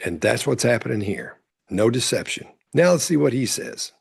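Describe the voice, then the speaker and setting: A man commenting on courtroom testimony, explaining calmly step by step. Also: mid-range voice, normal speed, vocal fry, husky. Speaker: body-language commentator.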